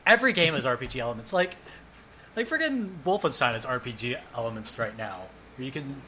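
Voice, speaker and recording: A man from Canada hosting a podcast, with animated, quick casual banter. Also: medium pitch, slight background noise. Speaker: podcast host. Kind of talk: casual chat.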